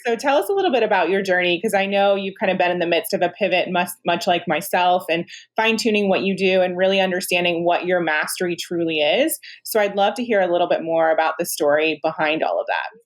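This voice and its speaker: A woman's voice: lowish voice, fast talker. A woman hosting an interview show, welcoming her guest with enthusiasm. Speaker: podcast host.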